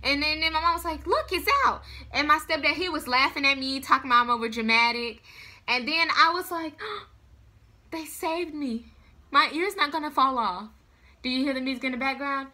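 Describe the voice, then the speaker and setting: A young adult woman telling a story to camera in a casual vlog, with dramatic, animated delivery. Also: on the high side. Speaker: vlogger.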